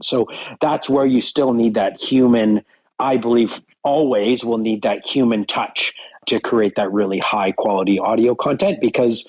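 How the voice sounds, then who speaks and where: Husky-voiced man explaining earnestly. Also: medium pitch, measured pace, a little mellow, low-quality recording. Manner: direct, earnest, explains with examples. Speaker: software company CEO, guest. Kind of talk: casual interview chat.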